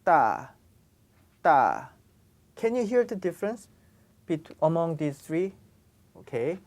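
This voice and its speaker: A woman's voice: fairly low pitch, animated, a little slow, warm tone. A woman teaching pronunciation, patiently repeating each sound for learners. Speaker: Korean language teacher. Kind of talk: pronunciation lesson.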